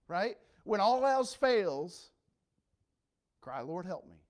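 A man preaches a sermon to his congregation. He swings from low, hushed lines to loud, ringing cries. His delivery is passionate and earnest. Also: big pitch swings, slow pace. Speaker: pastor.

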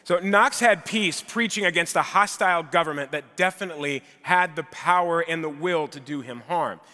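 Male preacher, 30s, slightly high and bright, easygoing sermon delivery with asides; big church reverb. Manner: conversational, self-deprecating humor with filler "uh"s. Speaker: guest preacher. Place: large church sanctuary. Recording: long hall reverb.

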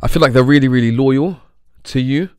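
A man's voice: mid-range voice, brisk, clear, resonant tone, dry recording, clean studio sound. A young man, co-hosting a casual podcast in an easygoing, rambling way. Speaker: podcast co-host. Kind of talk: casual chat.

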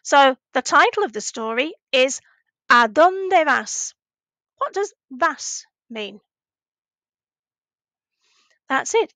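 A woman teaching a recorded language lesson to children, patiently asking questions and pausing for answers. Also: high voice, fairly bright tone, no room sound. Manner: slow, patient, asks questions and pauses for answers.

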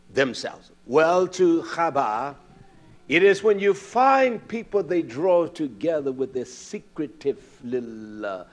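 An older man preaching a sermon, telling stories in an animated way and acting out the voices of the people in them. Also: a little high.

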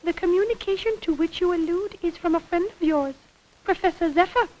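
A woman's voice: extremely high pitch, brisk, a little mellow. An actress voicing a prim, precise female alien secretary in a 1960s cartoon, speaking in formal, exact phrases. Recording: dull old cartoon soundtrack with faint hiss.

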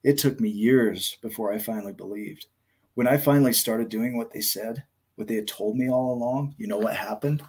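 Man doing a big wise old giant from a storybook, gentle, slow, a bit husky. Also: medium pitch, close to an everyday voice.

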